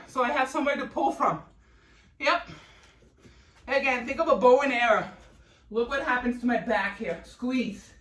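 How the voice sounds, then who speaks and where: A woman's voice: high voice, fairly bright tone. A woman fitness instructor coaching a workout class, upbeat and a little out of breath as she cues moves and counts down reps. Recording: echoey room, voice from far off.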